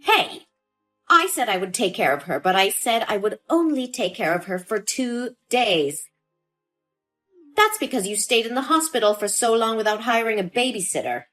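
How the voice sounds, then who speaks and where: A woman's voice: fairly high pitch, expressive, normal speed, fairly bright tone, soft background music. A woman voicing a scheming, cold-hearted older mother-in-law who talks with scorn and dismissiveness, in a dramatized story. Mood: contemptuous.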